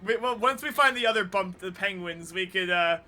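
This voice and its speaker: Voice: mid-range voice, brisk, bright, forceful tone. A streamer giving wry, jokey commentary while playing a game live. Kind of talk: joking let's-play commentary.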